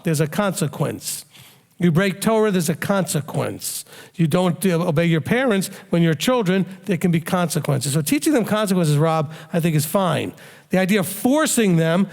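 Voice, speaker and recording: High-voiced man teaching in a hall. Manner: calm, explanatory, acts out quoted parents. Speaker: rabbi teaching a Q&A. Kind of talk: sermon-style Q&A teaching.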